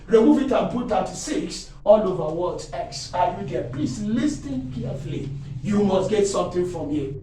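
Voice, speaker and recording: A man's voice: high voice, a little mellow. A male maths teacher working through calculus problems, quizzing his listeners with leading "what?" prompts and often checking whether they are still following. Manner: checks in often and exclaims to himself. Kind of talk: classroom-style maths lesson. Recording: very echoey room, far from mic.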